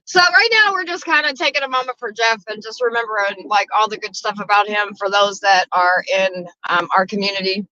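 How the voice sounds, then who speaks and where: A woman hosting a casual livestream chat from a car, talking loudly with lots of profanity and frequent laughter. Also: medium pitch, a little fast, hardly any pauses, no echo, highs cut off. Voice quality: loud, profane, laughing often. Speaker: livestream host.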